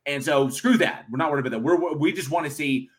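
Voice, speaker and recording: A man's voice: a little high, fast. A man co-hosting a horror podcast, talking casually and animatedly, laughing often. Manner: animated, laughs a lot, mocks with put-on quotes. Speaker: podcast co-host. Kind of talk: casual chat.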